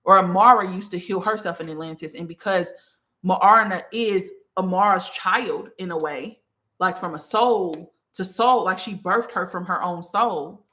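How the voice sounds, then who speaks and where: A woman with a somewhat low voice gives a casual spiritual teaching talk as host. She speaks earnestly and straight to the listener, often checking in with "okay?" and going back to restart her phrasing. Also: measured pace, sharp tone.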